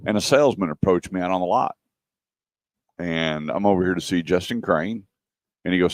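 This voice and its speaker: A man's voice: low-pitched, normal speed, long pauses, no room sound, studio quality. A man hosting a radio car show, chatting casually and telling joking prank stories. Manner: tells joking prank stories, acting out voices. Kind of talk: casual radio chat and storytelling.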